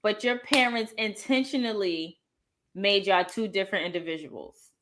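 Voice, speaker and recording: A woman's voice: mid-range voice, moderate pace, crowd noise. A woman co-hosting a casual chat, emphatic and enthusiastic. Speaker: co-host.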